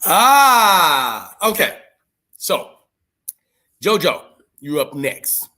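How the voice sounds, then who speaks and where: A young man hosts a casual livestream and talks with his viewers. His delivery is loose and slangy, full of jokes and quick asides. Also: mid-range voice, lively intonation. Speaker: livestream host.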